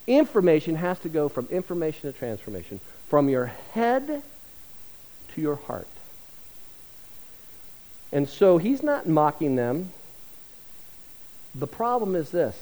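A man's voice: on the high side, sing-song, unhurried, long pauses, dark tone, low-quality recording. A middle-aged male pastor preaching a sermon, telling stories with self-deprecating humor before turning earnest.

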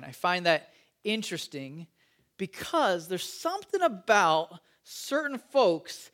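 A man preaching a sermon, reading scripture and adding chatty, joking asides in an animated way. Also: high-pitched, takes it slowly. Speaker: pastor.

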